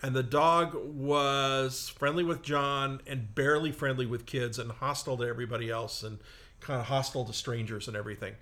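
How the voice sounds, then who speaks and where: A man's voice: medium pitch, fairly even intonation, fairly quick, sharp tone. A man telling a long, rambling personal anecdote in a casual, self-mocking way. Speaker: storyteller. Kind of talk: casual storytelling on a comedy talk show.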